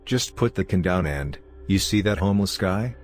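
A man's voice: low voice, lively intonation, normal speed, a little mellow, soft background music. A man voicing a chirpy, taunting voice trapped in a can. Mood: mocking. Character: mocking young man trapped inside a beer can.

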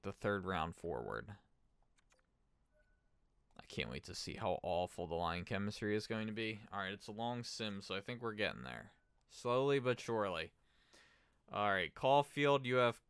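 Low, smooth-voiced male gaming streamer. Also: a bit bright, no echo, studio quality. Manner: thinks aloud, chats with viewers. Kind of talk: casual gameplay commentary.

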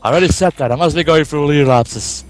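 A man voicing a campy older actor playing a caped crusader, with a slow, drawn-out, theatrical delivery. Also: a little high, faint music behind, lightly acted. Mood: pompous.

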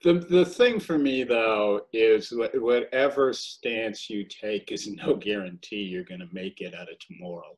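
A man co-hosting a podcast, chatting in a lively way and laughing easily. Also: on the low side. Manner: lively, quick to laugh and jump in. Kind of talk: casual chat.

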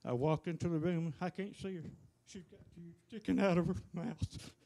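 Man, church testimony, halting, plainspoken, mellow voice, fairly high. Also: steady tone, gravelly. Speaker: church member giving testimony. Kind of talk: emotional personal testimony.

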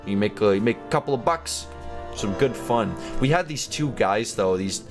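A young man giving casual, goofy commentary while playing a game, chatty and quick to laugh and react. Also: lowish voice, expressive, music in the background. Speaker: gaming YouTuber.

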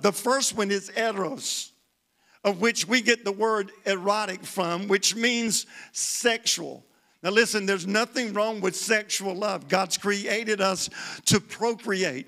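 High, bright-voiced preacher man. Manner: preaching with call-and-response, repeating words for emphasis. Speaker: guest preacher. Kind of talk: sermon. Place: church sanctuary.

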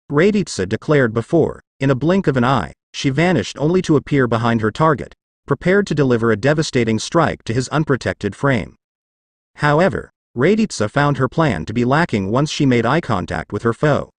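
A man narrating a fan fiction story with an expressive, dramatic reading. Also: medium pitch, normal speed, no room sound.

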